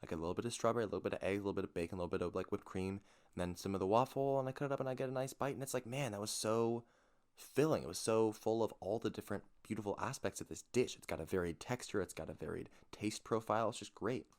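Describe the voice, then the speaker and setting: A man's voice: on the low side, rapid-fire, darkish tone. A man co-hosting a podcast, chatting casually in an enthusiastic, rambling way. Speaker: podcast co-host. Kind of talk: casual chat.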